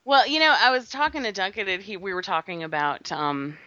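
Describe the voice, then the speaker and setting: A woman's voice: medium pitch, big pitch swings, brisk, sharp tone, no echo. A woman co-hosting a podcast in casual chat, bubbly and laughing often, on dull lo-fi audio. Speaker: podcast co-host.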